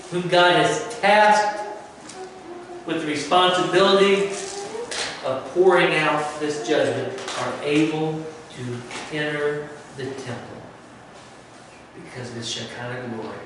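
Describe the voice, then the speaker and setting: A man preaching a sermon as pastor, slow and emphatic, dropping at times to a hush. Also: fairly high pitch. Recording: echoey room, from far off, faint noise.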